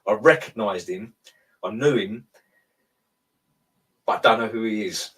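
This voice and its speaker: A man recounting a dream in loose, chatty talk, stopping and restarting mid-sentence. His voice sits fairly low. He sounds set back from the microphone. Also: measured pace, a bit bright, distant mic, poor audio. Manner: rambling storyteller, self-interrupting. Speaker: guest telling a dream. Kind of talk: casual chat.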